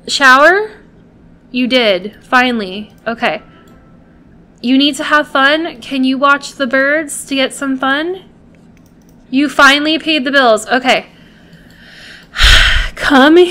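Brief: high-pitched woman, unhurried gameplay commentary, chatty and pleading with her game characters. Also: sharp tone. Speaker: gameplay video host.

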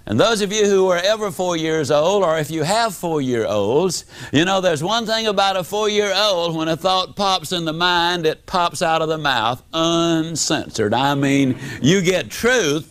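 A man's voice: moderate pace, hardly any pauses, fairly bright tone. A man giving a motivational speech, telling a story in a folksy, dramatic way. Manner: folksy, dramatic, wide pitch swings. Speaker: motivational speaker.

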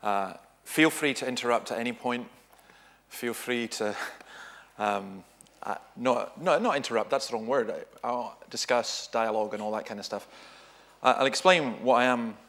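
A Scottish man speaks as a guest at a church teaching session, in an easygoing, conversational voice pitched in the middle range. He tells stories with dry humor and often stops to rephrase himself. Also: a bit bright. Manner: conversational, humorous, self-correcting storyteller. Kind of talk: informal church teaching talk.

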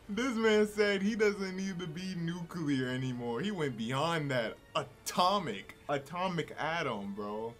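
A young man reacting to an anime, excitable and slangy, laughing often. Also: high voice, takes it slowly. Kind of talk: casual reaction commentary.

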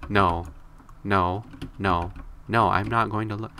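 Bright-voiced young male game streamer. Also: fairly even intonation, slow. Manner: playful, jokey, squeals high when scared in the game. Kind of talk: live game streaming commentary.

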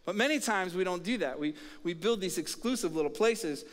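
A high-pitched male pastor delivers an energetic sermon and pulls the congregation into call-and-response. His voice rings out through a large church auditorium with a long reverb tail. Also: a little fast.

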